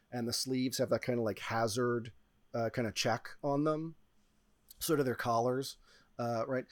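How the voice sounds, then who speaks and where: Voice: mid-range voice, a little mellow, no room sound. A game master narrating an improvised tabletop game in a rambling, playful way, with lots of fillers.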